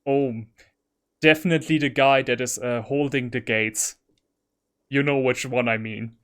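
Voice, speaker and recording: A man's voice: medium pitch, fairly even intonation, unhurried, a bit bright, clean tone. A German man commenting on a video game he is playing, rambling with laughing asides and reading dialogue choices aloud. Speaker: let's play streamer.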